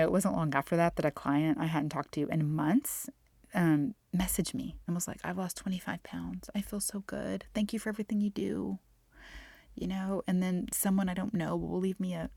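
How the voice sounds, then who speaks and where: A middle-aged woman, a Christian nutritionist, talking candidly on her podcast, often dropping to soft near-whispers. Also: fairly low pitch, no room sound. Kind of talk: casual faith-based podcast monologue.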